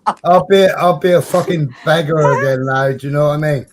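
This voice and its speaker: A man, ranting and swearing in casual panel chat, often pausing on fillers. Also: a little high, very noisy. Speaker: live-stream panel chatter.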